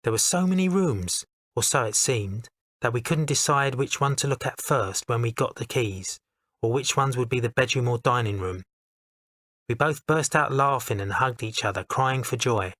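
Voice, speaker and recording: A man narrates his own memoir in a measured, heartfelt and candid way. His voice sits at an ordinary middle pitch. It is recorded on a close studio mic with a dry sound and no room echo. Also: fairly bright tone.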